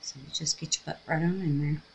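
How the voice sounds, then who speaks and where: Speaking quickly in a low, steady, darkish voice, a middle-aged resin craft host talks casually to herself and her viewers as she works. The audio is dull, with a little hiss or hum in the background.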